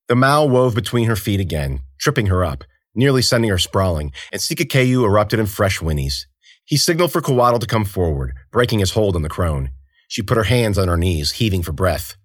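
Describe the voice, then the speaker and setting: Expressive male audiobook narrator. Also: lowish voice, brisk, dry recording, studio quality.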